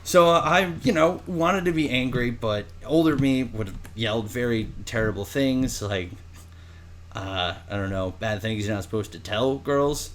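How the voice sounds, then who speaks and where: A young man casually telling a story on a podcast, acting out quotes in higher voices. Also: moderate pace, a little hiss or hum. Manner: animated storyteller, acts out quotes in high voices. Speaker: podcast co-host.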